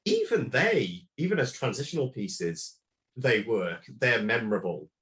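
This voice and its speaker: A man's voice: medium pitch, sing-song, a little slow, a bit bright. A man as a podcast guest, talking about a film and album in a casual, rambling way with lots of fillers.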